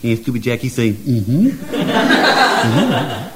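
A man's voice: a little high, big pitch swings, moderate pace, fairly bright tone. A man telling a comic folk tale in playful, mock-broken grammar, often chuckling. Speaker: storyteller. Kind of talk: comic oral storytelling.

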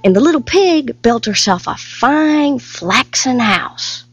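A woman storyteller with a fairly high, very animated voice, spinning a fairy tale in a folksy way with homespun turns of phrase. Loud music plays under her narration. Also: slow pace, highs cut off. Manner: folksy and lively, with homespun comparisons.

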